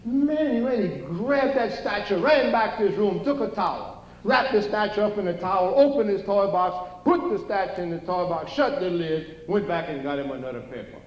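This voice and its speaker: A man's voice: sits high, animated, moderate pace, few pauses, slight background noise. An older man with a Cajun Louisiana accent telling jokes in a rambling, folksy way to a live theater audience. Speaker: stand-up storyteller. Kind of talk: live stand-up comedy. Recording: roomy, distant, dull audience recording.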